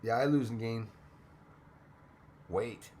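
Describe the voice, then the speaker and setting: Man from Canada, livestream host, laid-back chatter, reads out viewer names, quick laughs, mid-pitched voice. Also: a little mellow, slight background noise. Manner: chatty, thanks viewers by name, laughs often. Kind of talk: casual livestream chat.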